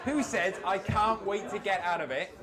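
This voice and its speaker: A man's voice: sits high, normal speed. A man hosting a live football quiz in a coffee shop, chatty and jokey as he reads out the questions. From Wales. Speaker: quiz host. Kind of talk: reading out a live pub quiz. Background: crowd of quiz players.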